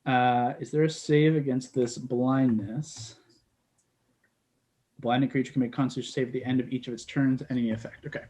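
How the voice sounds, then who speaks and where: A man narrating as dungeon master, slow dramatic scene-setting between rules talk. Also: mid-range voice, fairly even intonation, darkish tone. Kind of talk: narrating a tabletop game.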